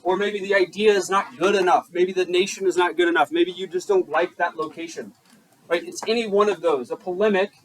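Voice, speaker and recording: A man's voice: sits high, a little hiss or hum, rough recording. A male teacher giving a classroom lecture, joking and putting questions to the class. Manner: joking, keeps quizzing the class.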